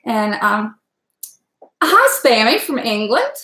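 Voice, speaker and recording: A woman's voice: a little high, sing-song, sharp tone, reverberant. A middle-aged woman from Southwestern Virginia with a Southern accent, chatting casually with her livestream viewers and laughing often. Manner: chatty, rambling, quick to laugh. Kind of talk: casual chat.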